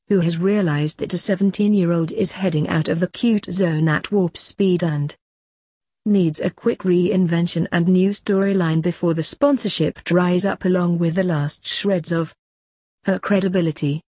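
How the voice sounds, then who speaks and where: A woman's voice: lowish voice, fairly even intonation, moderate pace, mellow, slightly rough, no room sound. A woman doing a sardonic little piglet. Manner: dry, mocking, matter-of-fact. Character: brisk, sardonic small male piglet.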